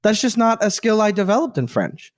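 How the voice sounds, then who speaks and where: A man from Quebec, a comedian guest on a podcast, chatting in an animated, self-deprecating way. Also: high voice, brisk, no room sound, clean studio sound. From Quebec, Canada. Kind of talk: casual chat.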